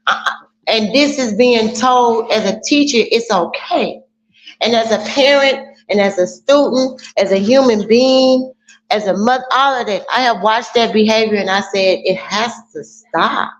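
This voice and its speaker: A woman's voice: on the high side, moderate pace. A woman calling in to a casual debate, explaining her view at length with examples. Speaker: caller. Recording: echoey, dull lo-fi line with faint noise.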